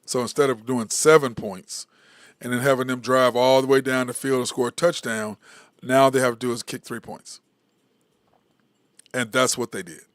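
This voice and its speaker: A man's voice: medium pitch, fairly even intonation, normal speed, long pauses, no echo, studio quality. A sports talk host, rambling and venting his frustration in a solo commentary.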